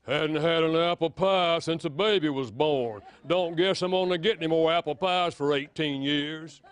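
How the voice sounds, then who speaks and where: A man's voice: on the high side, moderate pace, clean tone, natural voice. A man voicing a grumbling husband who sarcastically complains about going without pie. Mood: sulky, sarcastic.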